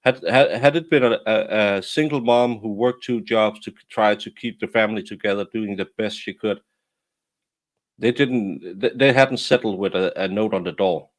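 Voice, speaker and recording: Danish man, low register, host of a casual live chat on a video call; hesitant, lots of "uh" and restarts. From Denmark. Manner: halting, many fillers and restarts. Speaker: livestream host.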